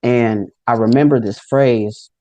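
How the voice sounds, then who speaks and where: Mellow-voiced man telling his story. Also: medium pitch, fairly even intonation, a little slow, no room sound, muffled recording. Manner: loose storytelling with many fillers and acted quotes. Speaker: near-death experience speaker. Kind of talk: casual personal testimony.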